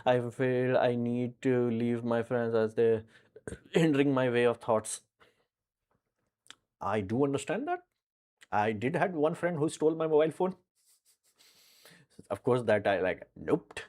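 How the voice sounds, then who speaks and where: A man's voice: mid-range voice, expressive, measured pace, long pauses, a little mellow. A man hosting a casual live stream, answering viewer questions in a frank, rambling way full of fillers.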